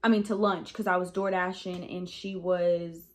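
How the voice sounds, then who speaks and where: A woman's voice: on the low side, flat delivery, normal speed. A young adult woman telling a personal story in a casual vlog, rambling and frank with many "um"s and "like"s. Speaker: vlogger.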